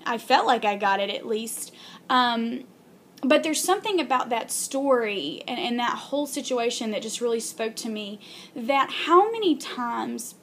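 A young woman in a casual vlog telling a heartfelt faith story, earnest and halting with many ums and restarts. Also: fairly high pitch, fairly bright tone, a little hiss or hum. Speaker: video blogger.

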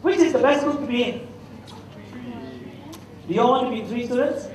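Malaysian guy telling funny stories to a crowd, fairly high voice, very echoey room, faint hum behind. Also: normal speed, darkish tone. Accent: Malaysian English. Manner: anecdotal, jokey, quizzes the audience. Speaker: memory trainer giving a public talk. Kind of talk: humorous public talk to an audience. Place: large hall at a festival. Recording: echoey hall, mic at a distance.

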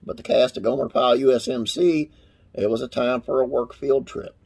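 A man's voice: medium pitch, level tone, fairly quick, creaky, darkish tone, husky. A man hosting a classic TV trivia channel, reading facts aloud and wandering into folksy, rambling asides with religious sign-offs.

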